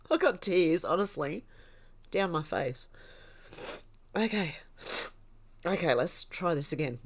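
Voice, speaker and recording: A woman's voice: on the low side, lively intonation, slow, long pauses. A woman hosting a casual livestream, reading chat comments aloud and laughing often. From Australia.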